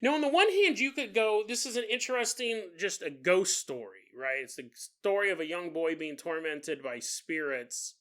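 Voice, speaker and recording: A man's voice: high voice, animated, moderate pace, hardly any pauses, a bit bright. A man hosting a paranormal podcast, retelling a ghost story in a casual, jokey way and mimicking the people in it. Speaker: podcast host.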